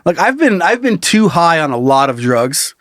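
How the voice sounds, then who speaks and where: A man's voice: fairly high pitch, big pitch swings, normal speed, dry recording, studio quality. A man co-hosting a podcast who reads out a listener's story in casual chat, breaking into laughter as he goes. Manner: laughs often while reading. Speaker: podcast co-host.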